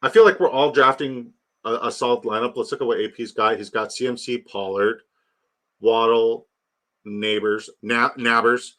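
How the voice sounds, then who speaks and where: A man's voice: mid-range voice, normal speed, fairly bright tone. A young man chatting casually on a fantasy football stream, rambling and joking, swearing freely. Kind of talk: casual live-stream chat.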